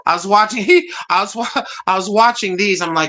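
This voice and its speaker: A middle-aged woman hosting a casual live stream, chatting in an animated way, telling stories and laughing often. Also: mid-range voice, normal speed.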